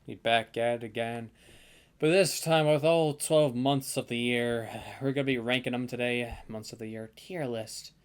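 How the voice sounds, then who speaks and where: A man's voice: mid-range voice, fairly even intonation, moderate pace, clean tone. A young man casually ranking the months of the year in a tier list, rambling and thinking aloud with lots of fillers. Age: young adult.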